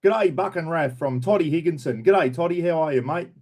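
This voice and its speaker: A man's voice: on the high side, fairly quick, a little mellow, breathy edge. An older man with an Australian accent hosting a casual live stream, greeting viewers by name in a chatty, blunt way and swearing freely.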